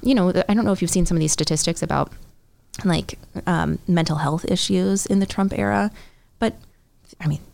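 An earnest woman in her thirties, a congressional candidate answering interview questions. Her voice sits a little low with a gravelly edge, and she lines up her points one by one, checking in with "right?". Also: normal speed, a little mellow. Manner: earnest, talks in lists, often adds "right?". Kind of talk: political interview.

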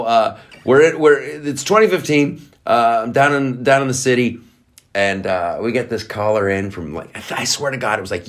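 A man hosting his own show, delivering a comedic rant. His voice is lively and bounces through a wide range, jumping up high when he gets worked up. He swears freely and laughs as he talks. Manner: animated, swings to high excited pitch when storytelling. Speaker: show host.

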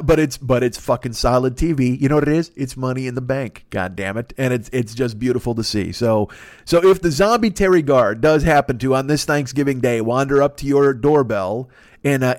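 A man riffs through a comedic podcast monologue, sprinkling profanity and getting excited as his stories wander off track. His voice sits at an ordinary middle pitch. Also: a little fast, dry recording, clean studio sound. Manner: rambling, profane, excitable storytelling. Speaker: podcast host.

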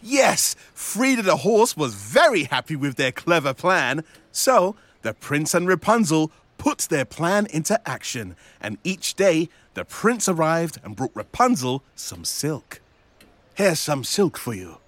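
A man narrating a children's story, animated and speaking to young listeners. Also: on the high side, unhurried, hardly any pauses, dry recording.

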